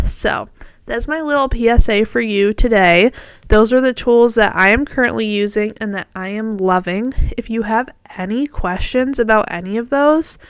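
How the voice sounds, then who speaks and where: A woman talks through her solo podcast in a casual, encouraging way, as if chatting with a friend and letting slips roll. Her voice is smooth and clear, with a bit of morning voice. It is recorded close on the mic in a dry space. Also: a little high, dry recording. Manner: chatty and encouraging, with fillers and self-corrections. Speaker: podcast host.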